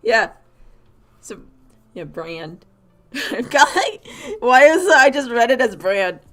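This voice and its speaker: A woman chatting casually while she draws on a live stream, rambling and animated, laughing often and filling her talk with "like". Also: on the high side, takes it slowly. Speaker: artist streamer.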